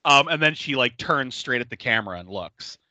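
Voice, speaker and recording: A male podcast host in relaxed, casual chat, retelling a horror film scene by scene. His voice is bright and sharp, and his pitch jumps around animatedly. He laughs often and swears freely, and the sound is dry and close. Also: fairly quick, dry recording.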